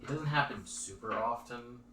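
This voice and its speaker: A man's voice: mid-range voice, moderate pace, music in the background. A man playing a tabletop game, chatting casually and thinking aloud about rules and dice, often hedging with "like". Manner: lively, thinks aloud, hedges with "like". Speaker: player. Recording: roomy, distant mic, faint noise.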